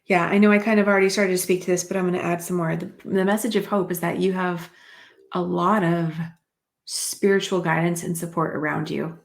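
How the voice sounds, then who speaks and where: A woman's voice: fairly low pitch, fairly even intonation, a little fast, vocal fry. A woman giving a spiritual card reading to camera in a chatty, rambling way, with many fillers and asides. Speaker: card reader.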